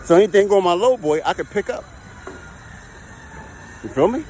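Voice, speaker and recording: A heavy equipment and recovery operator chats casually to camera in a vlog about his work, repeating himself and keeping tabs on whether the listener is following. His voice sits high with lively intonation at a normal pace, slightly mellow, with a faint hiss or hum underneath.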